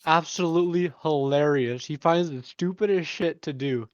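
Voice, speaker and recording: A man chatting with his tabletop group, telling stories with animated retellings and jokes. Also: on the high side, moderate pace, dry recording, lo-fi sound. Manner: animated storyteller, tells jokes in a mock voice. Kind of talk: casual chat among tabletop players.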